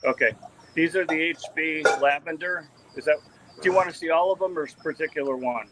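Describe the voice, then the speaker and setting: Heavy background noise surrounds a man speaking fairly quickly in a fairly high pitch. He's a fish breeder walking among aquarium tanks in an indoor fish room, chatting casually on a live video call via the camera mic and rambling with lots of ums and restarts.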